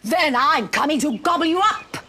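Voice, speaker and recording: A grumpy male troll who roars his words slowly and loudly from under his bridge, as a woman puts him on. The voice sits high and swoops widely, in a children's storybook reading with faint hiss behind. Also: expressive. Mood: menacing. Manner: slow, loud, growly roaring.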